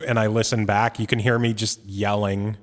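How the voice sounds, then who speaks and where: A man's voice: on the low side, normal speed, long reverb tail. A man hosting a casual podcast from an apartment, joking, laughing and swearing freely. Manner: animated, laughing, swearing, playful. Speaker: podcast host. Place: studio apartment. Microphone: drum mic.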